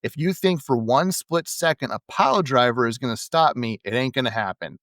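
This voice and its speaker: A man reading out the lines of a gruff, defiant male wrestler, blunt, combative and full of curses. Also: medium pitch, brisk, fairly bright tone, no room sound, lightly acted.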